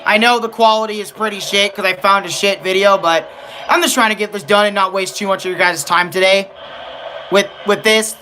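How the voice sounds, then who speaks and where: A man's voice: high voice, sharp tone, slight background noise. A young man giving casual, rambling game commentary, swearing freely and correcting himself as he talks. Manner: rambling, profane, self-correcting. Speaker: gaming streamer.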